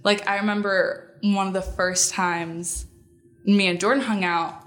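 A young woman appears on a podcast as a guest and friend, telling stories in a casual chat full of fillers and frequent giggles. Her medium-pitched voice is steady, a bit bright and a little slow, with faint music behind her.

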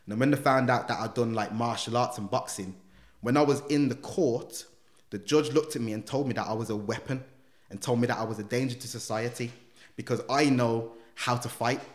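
Animated man telling a story, echoey room. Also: mid-range voice, a little fast. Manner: animated, acts out other voices, London slang. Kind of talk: casual storytelling chat.

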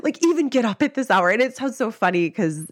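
A woman's voice: fairly high pitch, sing-song, a little fast, no room sound. Chatty upbeat woman, close and dry. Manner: upbeat, chatty, many "like"s and laughs. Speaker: podcast host and life coach. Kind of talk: casual motivational talk.

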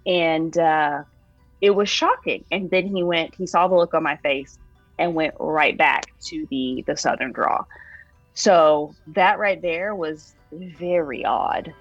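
A young woman with a lowish voice recounts her own story as an interviewee, bringing it to life as she goes. The sound is dull and lo-fi, and very dry. Faint music sits behind her. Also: slow pace, no room sound. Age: young adult. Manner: animated retelling, voices her own past words.

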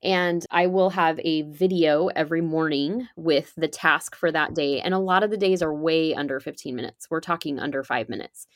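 On a podcast with clean studio sound and no echo, a woman with a low voice speaks at normal speed, barely pausing. As a preparedness expert and guest, she walks through emergency preparedness step by step in an upbeat, chatty, casual conversation.

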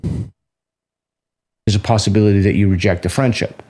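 A man in a played clip, explaining his view in an earnest, measured way. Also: on the low side, steady tone, a little mellow.

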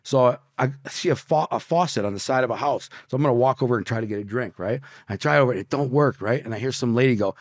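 A man's voice: medium pitch, fast talker, hardly any pauses, dry recording, studio quality. A man from the Detroit area, a podcast guest telling a vivid story in intense, slangy bursts.

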